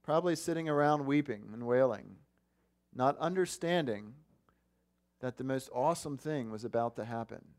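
A man's voice: medium pitch, animated, moderate pace, darkish tone. A man preaching a sermon, earnest and asking his listeners questions. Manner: earnest, asks the congregation questions. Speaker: pastor.

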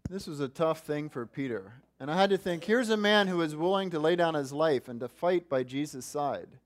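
A man's voice: on the high side, lively intonation, moderate pace. A man preaching a sermon, earnest and asking his listeners questions. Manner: earnest, asks the congregation questions. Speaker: pastor.

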